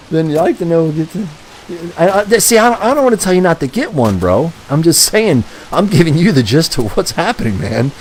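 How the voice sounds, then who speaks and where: A man's voice: a little high, very animated, fairly quick, a little hiss or hum, rough recording. Profane ranting male game streamer. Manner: profane, ranting, chuckling often. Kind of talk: crude rambling live-stream chat.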